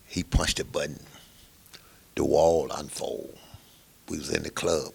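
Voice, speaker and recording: An older man telling a long story in an interview, animated and acting out the other people's lines. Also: rumbling low, takes it slowly, gravelly, pauses often, breathy edge. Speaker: guest musician.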